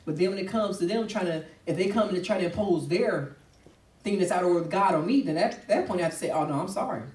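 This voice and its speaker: A pastor talks fast in a high, darkish male voice, preaching with passion in a discussion. Emphatic throughout, he acts out the voices of those he quotes. The recording is roomy, with the mic placed far away.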